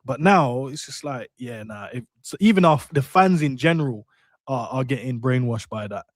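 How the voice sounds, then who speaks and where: A man's voice: medium pitch, expressive, moderate pace, no room sound. A man with a mid-range voice, talking in a loose, rambling way as he co-hosts a football chat, often restarting his sentences. The recording is close and dry. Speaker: co-host of a football channel. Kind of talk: casual chat.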